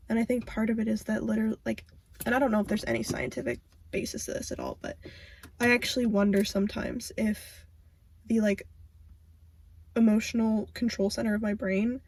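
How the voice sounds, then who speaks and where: A young woman vlogging casually, rambling and correcting herself as she talks, sometimes soft and close to tears. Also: fairly high pitch, vocal fry, husky. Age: young adult. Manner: chatty, rambling, self-correcting; soft, subdued and near tears. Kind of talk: casual vlog chat. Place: car, then outdoors at a barn.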